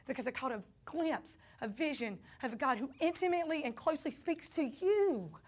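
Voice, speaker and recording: A woman's voice: high-pitched, animated, moderate pace, few pauses. A woman with a Southern accent giving an earnest personal faith testimony, speaking to her listeners as y'all.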